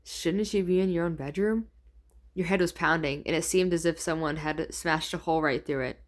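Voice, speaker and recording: Rich: A woman in her twenties reads her old fanfiction aloud, pausing for wry asides. She trips over words and fixes them as she goes, and her voice sits a little low. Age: 20s. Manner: stumbles and corrects herself, laughs at her own writing. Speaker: fanfiction reader.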